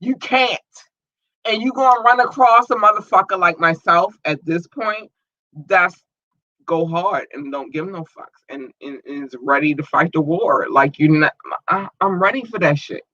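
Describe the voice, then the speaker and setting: A woman's voice: on the low side, normal speed, pushed and bright, no echo. A woman hosting a podcast, ranting in a blunt, profane, fired-up way, with dull lo-fi sound. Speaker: podcast host. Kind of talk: live podcast rant. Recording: dull lo-fi audio.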